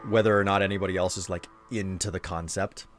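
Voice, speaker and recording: A man's voice: deep voice, steady tone, quick pace, over music. A man in his late thirties, a streamer chatting in an easygoing, rambling way with his viewers during a livestream. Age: late 30s. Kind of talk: casual livestream chat.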